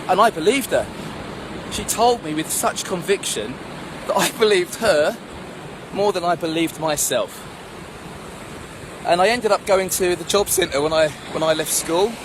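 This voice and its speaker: Guy, middle-aged, acting out his own life story outdoors, a bit high-pitched, traffic noise clearly heard. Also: normal speed. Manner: animated storyteller who acts out the voices of people in his story. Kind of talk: storytelling monologue. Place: outdoors at sunrise. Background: street and traffic noise.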